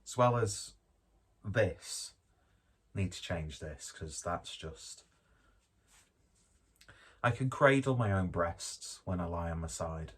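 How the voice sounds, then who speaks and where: Low husky man chatting. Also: slow, pauses often. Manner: rambling, jokey, self-deprecating, swears casually. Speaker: beer reviewer. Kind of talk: casual tasting chat.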